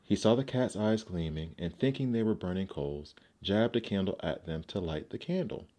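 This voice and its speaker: A man narrating fairy tales in a gentle, expressive storybook reading. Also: deep voice, normal speed.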